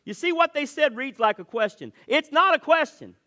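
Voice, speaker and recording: A male pastor preaching a sermon in church, swinging between loud emphasis and hushed, quiet lines, sometimes repeating words as he starts a thought. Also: very high-pitched, sing-song, normal speed.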